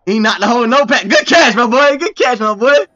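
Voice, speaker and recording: High-pitched excitable man reacting. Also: brisk, highs cut off. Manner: excitable, exclamatory, profane slang. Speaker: reaction video host. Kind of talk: casual reaction commentary.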